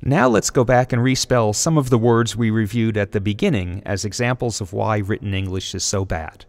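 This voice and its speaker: A man's voice: fairly low pitch, creaky, in a large hall. A man narrating a scripted video essay, carefully sounding out example words one by one. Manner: slow, deliberate word-by-word pronunciation.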